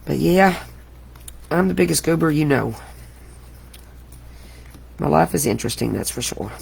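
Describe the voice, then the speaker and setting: Middle-aged woman chatting thru a craft tutorial, gravelly voice, exclaims a lot, laughs at her own jokes. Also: sits low, animated, a little slow, a little mellow. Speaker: crafting host. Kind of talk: live craft tutorial chat.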